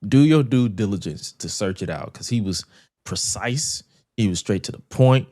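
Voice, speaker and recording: Animated man chatting about wrestling. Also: fairly low pitch, normal speed, dry recording, studio quality. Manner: animated, repeats words, slangy. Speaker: podcast host. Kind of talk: casual wrestling chat.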